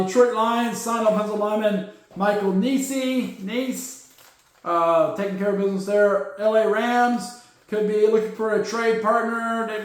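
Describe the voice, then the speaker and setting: Rambling man in an echoey room. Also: high-pitched. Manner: rambling with jokey asides. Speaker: podcast host. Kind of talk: casual news chat.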